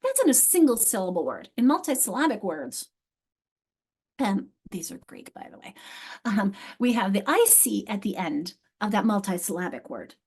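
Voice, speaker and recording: A woman's voice: mid-range voice, big pitch swings, normal speed, a little mellow, slightly rough. A middle-aged woman leading a live online teacher workshop on a video call mic, explaining with emphasis and repeating key words. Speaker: literacy instructor leading teacher training.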